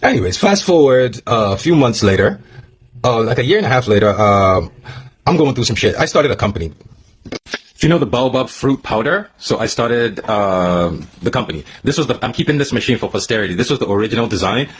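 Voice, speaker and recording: A man's voice: mid-range voice, lively intonation, brisk, slightly rough. A man telling a personal story to camera in a blunt, profane way, repeating lines for emphasis. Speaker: vlogger.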